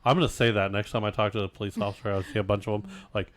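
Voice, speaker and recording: A man's voice: fairly low pitch, steady tone, racing. Jokey man on a casual podcast. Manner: jokey, mocks pompous speech. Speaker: podcast co-host. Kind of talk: casual chat.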